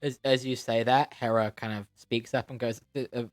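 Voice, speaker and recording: A man's voice: medium pitch, little pitch movement, normal speed, soft background music. A man acting as game master, describing scenes at length and searching for words. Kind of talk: narrating a tabletop game.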